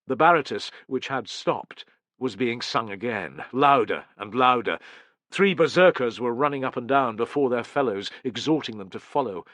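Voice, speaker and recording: Brief: male audiobook narrator, steady dramatic read, bright tone. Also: medium pitch, dry recording.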